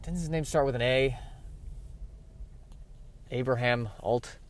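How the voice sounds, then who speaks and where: A man rambling through a solo comedy podcast, poking fun at himself. His voice sits at a middling pitch and comes through a podcast mic over a faint background hiss. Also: slow. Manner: rambling and self-mocking.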